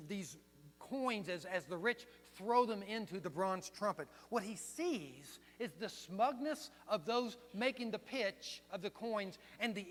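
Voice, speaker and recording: High-voiced older pastor in a reverberant hall. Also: male voice. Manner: storytelling, swinging from hushed to loud. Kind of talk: sermon. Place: church sanctuary. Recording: long hall reverb with mains hum.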